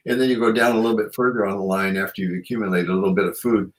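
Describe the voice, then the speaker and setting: A man's voice: lowish voice, fairly even intonation, rapid-fire, poor audio. A man hosting a radio show, chatting in a rambling, reflective way with many "you know"s. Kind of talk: casual chat.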